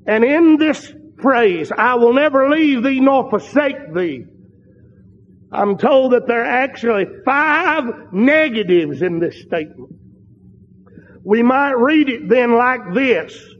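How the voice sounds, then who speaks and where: Slow, high-voiced preacher in a hall. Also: male voice, expressive. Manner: slow, emphatic, repeats phrases for stress. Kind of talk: sermon. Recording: dull recording in a reverberant hall.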